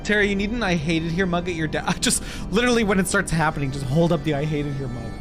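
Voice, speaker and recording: A young man streaming a game, reacting loudly, swearing and joking with chat. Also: a little high, a little fast. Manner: animated, swearing, loud reactions. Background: music.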